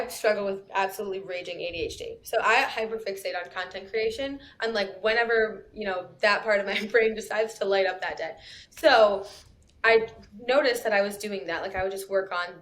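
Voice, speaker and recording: A woman's voice: medium pitch, moderate pace, fairly bright tone. A woman, talking casually as a podcast guest, chatty and laughing often. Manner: chatty, laughs often, lots of "you know" and "like". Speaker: copywriter guest.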